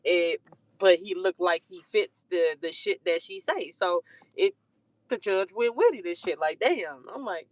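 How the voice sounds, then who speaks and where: Young adult, rambling profane storytime, animated delivery, dry close sound. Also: medium pitch, dry recording. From Detroit. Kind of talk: casual storytime monologue.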